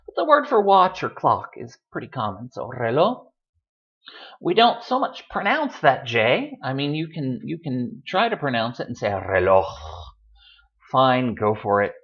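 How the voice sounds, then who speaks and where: A Spanish teacher patiently explains pronunciation rules to his students in a conversational way, tossing in casual fillers. His husky voice is sing-song, rising and falling a lot between phrases, at normal speed with few pauses. The recording sounds dull and lo-fi.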